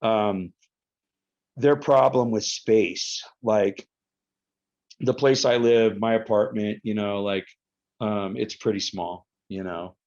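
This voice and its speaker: A man in his fifties telling a story as a podcast guest, in an animated and profane way. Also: fairly low pitch, slow pace, pauses often, highs cut off. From United States. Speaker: podcast guest, retired wrestler. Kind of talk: casual storytelling interview.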